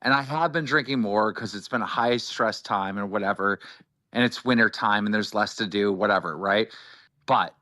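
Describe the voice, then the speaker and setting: A man's voice: on the low side, moderate pace, bright, forceful tone. A man in a played clip, talking brashly and casually, swearing as he boasts. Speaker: clip guest. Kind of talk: casual podcast chat.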